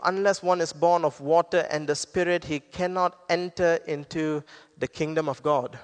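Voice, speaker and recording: A man's voice: on the high side, moderate pace, smooth. Man preaching in an echoing hall. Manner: earnest, explanatory preaching with scripture quotes. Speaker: pastor. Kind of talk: sermon.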